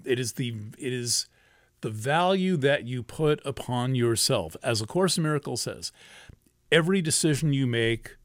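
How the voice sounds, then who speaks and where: A man's voice: mid-range voice, no room sound, clean studio sound. A man giving a casual astrology talk, rambling and emphatic, often restarting and cursing freely.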